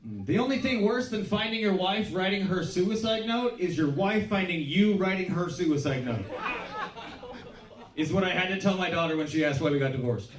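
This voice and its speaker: A middle-aged man doing a stand-up comedy set, deadpan and self-deprecating, swearing freely. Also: high-pitched, normal speed, a faint crowd. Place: small comedy club stage. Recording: roomy club sound from a distance. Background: audience laughter.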